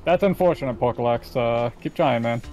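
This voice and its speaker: A man's voice: medium pitch, fairly quick, mellow, soft background music. A man playing games with friends on a stream, teasing them in a dry, mock-sincere way. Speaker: streamer guest. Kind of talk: casual gaming chat with friends.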